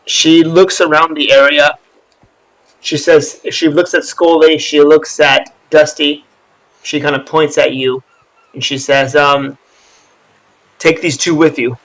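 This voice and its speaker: A man's voice: fairly high pitch, poor audio. A man narrating a tabletop role-playing session as game master, setting scenes and voicing what happens. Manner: slow, relaxed storytelling with gravelly voice.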